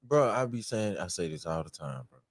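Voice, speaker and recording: A man's voice: low voice, animated, brisk, husky. A man with a Southern US accent cohosting a podcast, laughing often and talking profane slang. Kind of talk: casual podcast chat.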